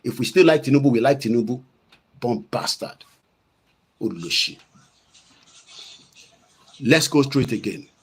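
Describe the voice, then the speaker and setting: A man's voice: mid-range voice, lively intonation, measured pace, long pauses, breathy edge. A middle-aged Nigerian man hosting his own online show, giving a heated, combative commentary. He scolds and repeats himself and greets viewers by name.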